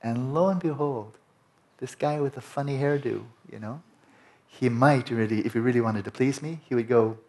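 A man teaching meditation in a relaxed dharma talk, conversational and rambling, with frequent restarts. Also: medium pitch, moderate pace. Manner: conversational, rambling with many restarts and "you know".

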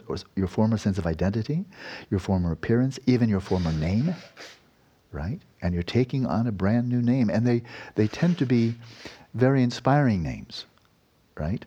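A male meditation teacher with a low, husky, mellow voice, leading a Buddhist dharma talk. He meanders gently through the guidance. He often adds tag questions and soft chuckles. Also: muffled recording. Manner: unhurried, rambling, tag questions and soft laughs.

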